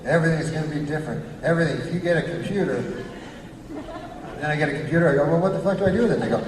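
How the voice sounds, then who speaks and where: A man doing a rambling stand-up set, deadpan, with filler phrases. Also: a little high, rapid-fire, noisy background. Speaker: stand-up comedian. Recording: echoey club from far off with loud crowd. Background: audience laughter.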